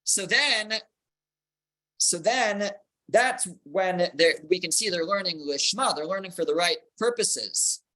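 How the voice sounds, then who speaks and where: A man teaching a Torah class as a rabbi, explaining slowly with repeated words as he thinks and Hebrew terms mixed in. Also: high-pitched, animated, sharp tone, low-quality recording.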